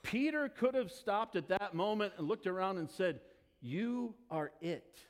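A male pastor preaching a sermon, emphatic, dropping to quiet asides and building to rising declarations. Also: sits high, lively intonation, normal speed. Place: church sanctuary. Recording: long hall reverb.

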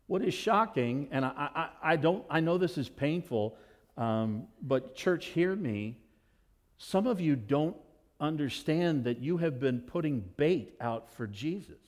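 Male pastor, sermon, expressive storytelling, lively pitch. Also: a little slow.

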